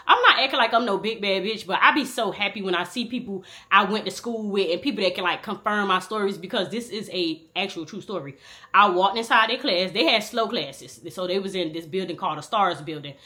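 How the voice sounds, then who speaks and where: A woman in her thirties telling a true-life storytime in a casual, animated, profane way, talking straight to the viewer. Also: mid-range voice.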